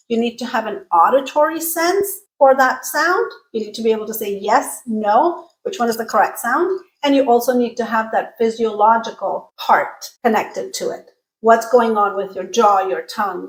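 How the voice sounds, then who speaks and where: A woman teaching an online pronunciation lesson with a slightly high voice. She speaks clearly, coaches the listener and draws out each vowel sound in slow repeated drills. The room gives her voice a noticeable echo. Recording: roomy echo.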